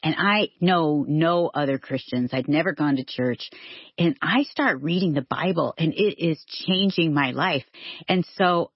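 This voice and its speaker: Husky-voiced woman radio co-host. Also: sits low, a little slow, dry recording. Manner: expressive, acts out her quotes. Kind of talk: animated storytelling in a radio chat. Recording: dull lo-fi radio studio sound.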